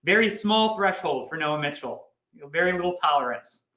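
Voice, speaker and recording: A man hosting a livestream, pitching comic books in a chatty, rambling way with jokey asides. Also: expressive, normal speed, bright, forceful tone, echoey room, rough recording. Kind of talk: casual sales pitch chat.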